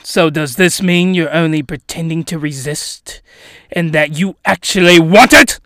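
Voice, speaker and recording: A player doing a pushy, smug man with a Southern drawl, taunting slowly from a visual novel. The tone is bright and clipped. The room is dry and close. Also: mid-range voice, no echo, pitched below the performer's own voice, lightly acted. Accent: put-on Southern US. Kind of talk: reading an adult visual novel aloud.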